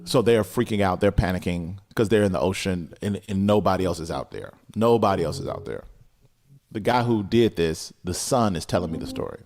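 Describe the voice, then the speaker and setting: A man's voice: deep voice, a little fast, darkish tone, soft background music. A man preaching a sermon, repeating phrases and building in intensity. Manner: preaching with rising intensity and repetition. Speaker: pastor.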